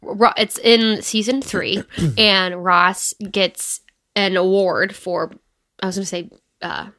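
A woman's voice: medium pitch, fairly even intonation, takes it slowly, a bit bright. A young woman in casual chat, a chatty storyteller who laughs easily.

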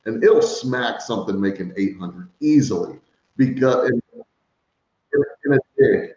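A man co-hosting a casual car podcast, talking excitedly. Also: medium pitch, a little slow. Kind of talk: casual chat. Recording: dull, echoey room sound.

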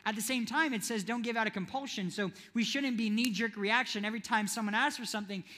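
A man with a notably high voice delivers a youth sermon in a church hall. He keeps it playful, pulling the audience in with questions. A long reverb trails off every phrase. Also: fast talker, bright, forceful tone, slight background noise. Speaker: youth preacher.

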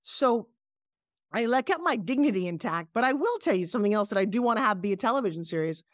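A middle-aged woman with a New York accent, a guest telling animated stories on a video call. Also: medium pitch, fast, no echo, studio quality. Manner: animated, emphatic storyteller. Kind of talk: casual interview storytelling.

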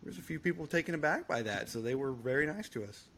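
A man's voice: on the high side, lively intonation, fast, a bit bright, husky. A middle-aged man co-hosting a podcast, easygoing and agreeable in casual chat. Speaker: podcast co-host.

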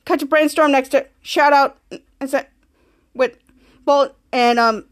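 A woman with a high-pitched voice hosts a casual podcast, walking through a TV episode shot by shot. She rambles and stumbles, restarting phrases and stringing scenes together with a steady "cut to.". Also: measured pace. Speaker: podcast host.

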